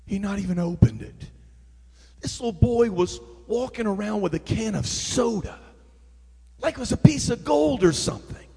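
A middle-aged pastor preaches with a fairly high voice, spinning lively stories and pulling the crowd in with call-and-response. His voice rings out with a long reverb, as if it fills a big church hall. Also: moderate pace, slightly rough. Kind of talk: sermon. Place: church sanctuary.

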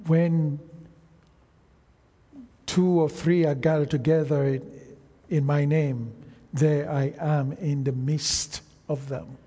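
A preacher delivers a slow, emphatic sermon, drawing out his phrases and pausing for the congregation to respond in call-and-response. His voice is a bit higher than most men's yet dark and husky, with fairly even intonation, and the long reverb of a large hall surrounds it.

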